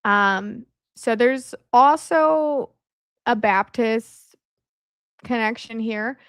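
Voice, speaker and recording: A woman's voice: a little high, drawn-out words, fairly bright tone, clean tone, no room sound, studio quality. Chatty woman with a worn voice. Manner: conversational, with frequent fillers and asides. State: strained, worn voice. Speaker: video host. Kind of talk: casual commentary over on-screen slides. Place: at home, at night. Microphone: camera mic at a desk.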